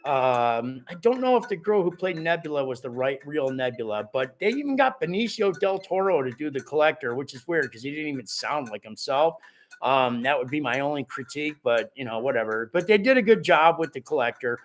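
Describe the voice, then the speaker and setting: A man's voice: medium pitch, brisk. A man hosting a live stream, chatting casually and jokingly with his viewers and reading out their comments, his voice cracking a little. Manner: animated and jokey, talks straight to the viewers.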